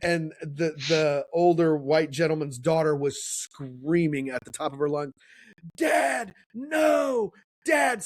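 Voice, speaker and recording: A man's voice: fairly high pitch, dry recording. A middle-aged man, a podcast co-host, telling a story in casual chat and acting out the voices he quotes.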